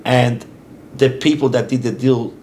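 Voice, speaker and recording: A man's voice: mid-range voice, steady tone, unhurried, a little mellow, slight background noise. A middle-aged man hosting a podcast, talking casually and emphatically, often repeating his agreement. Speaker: podcast host. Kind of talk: casual interview chat.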